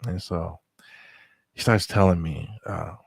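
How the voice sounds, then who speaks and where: Gravelly low-voiced man telling stories. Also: slow, no echo. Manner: laid-back and rambling, with many fillers and restarts. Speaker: storyteller recounting memories. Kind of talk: casual spoken storytelling.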